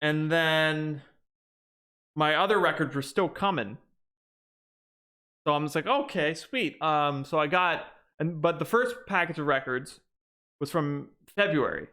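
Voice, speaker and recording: A man's voice: fairly high pitch, measured pace, long pauses, sharp tone. A young man co-hosting a podcast, chatting casually and rambling with frequent restarts. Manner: rambling, restarts sentences often. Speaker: podcast co-host. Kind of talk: casual chat.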